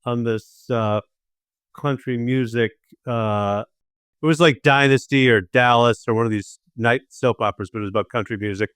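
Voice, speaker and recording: A man's voice: medium pitch, normal speed, a bit bright, clean tone, dry recording, studio quality. A man from southern India hosting a podcast, chatting in a rambling, teasing way full of ums and uhs. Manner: rambling, teasing, many fillers. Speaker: podcast host. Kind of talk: casual podcast chat.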